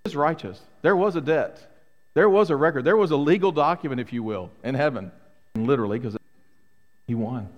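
Speaking fairly quickly in a slightly high voice, a middle-aged man delivers a sermon to his congregation, emphatic and full of rhetorical questions. He's a pastor in a church sanctuary, and the lo-fi recording has a long hall reverb.

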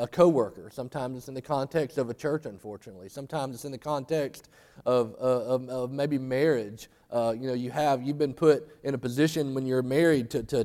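A man's voice: mid-range voice, a little mellow. Man preaching in a reverberant hall. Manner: folksy storytelling, voice rising to fervent emphasis. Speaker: pastor. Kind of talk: sermon.

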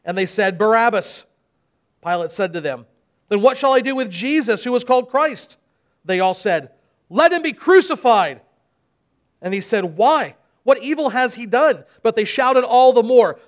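A man's voice: extremely high pitch, expressive, normal speed. A man preaching in a church service, reading scripture dramatically and then explaining it. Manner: dramatic reading with emphatic quoted speech.

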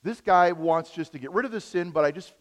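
A man preaching a sermon, telling stories with big swings from quiet to loud. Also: sits high, brisk, in a large hall. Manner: animated storytelling, big swings in loudness. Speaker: pastor.

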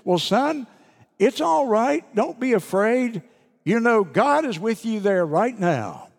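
A man's voice: high-pitched, big pitch swings, slow, vocal fry, long reverb tail, voice pushed up, full character voice. A man voicing a comfortable father calling reassurance to his scared son from bed, within a sermon story. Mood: reassuring. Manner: soothing, calling across the house.

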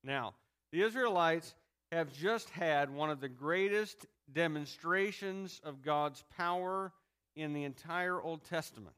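A man's voice: fairly high pitch, fairly bright tone, clean tone. A man preaching a sermon in a conversational way, acting out the people he talks about. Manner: conversational preaching, acts out grumbling crowds. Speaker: pastor.

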